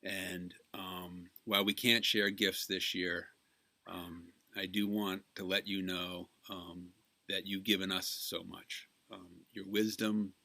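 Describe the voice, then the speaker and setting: A man recording a birthday greeting who tells a story and pauses often with ums. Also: sits low, little pitch movement, creaky, bright, forceful tone, no echo. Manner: storytelling, halting with many ums. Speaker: family member giving a birthday message.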